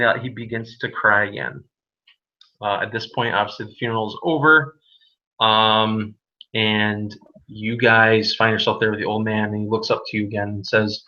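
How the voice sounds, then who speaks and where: A man running a tabletop game, his voice bright and forward, narrating scene by scene with lots of "uh"s and "um"s. The recording is muffled and lo-fi. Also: on the low side, little pitch movement. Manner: halting narration with many fillers. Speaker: dungeon master. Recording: dull lo-fi home recording.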